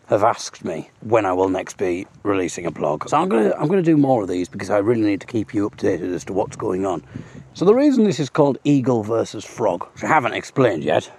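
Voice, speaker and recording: A man's voice: fairly low pitch, a little mellow, husky. A man rambling through a self-mocking comic monologue while walking outdoors along a road, full of jokey asides. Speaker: audio blogger.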